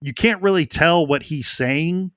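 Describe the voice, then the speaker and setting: A man's voice: a little high, a little slow, fairly bright tone, no room sound, clean studio sound. A man co-hosting a true crime podcast, talking through a case in an earnest way and often repeating words as he thinks aloud. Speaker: podcast co-host.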